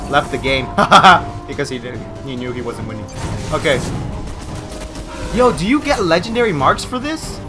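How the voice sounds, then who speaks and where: A young man hosting a gaming channel, giving excitable live commentary with yelps and repeated cries of no. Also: on the high side.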